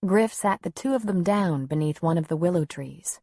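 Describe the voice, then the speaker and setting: A woman reads scripted audiobook narration in a measured, even storytelling manner. Her voice is fairly low, and the studio-quality recording has no echo.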